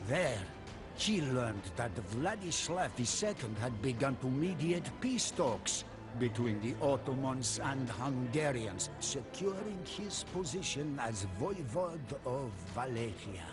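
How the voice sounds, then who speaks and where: A male commander narrates a campaign journey in a measured, storytelling style. His delivery is slow and deliberate, with loud orchestral music underneath this game cutscene. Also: mid-range voice, very animated.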